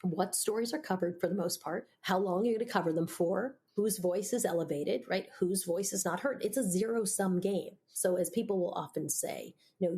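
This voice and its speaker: A middle-aged woman, a broadcast journalist, talking candidly as a guest in an interview, opinionated and quick to laugh. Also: lowish voice, mellow. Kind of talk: conversational interview.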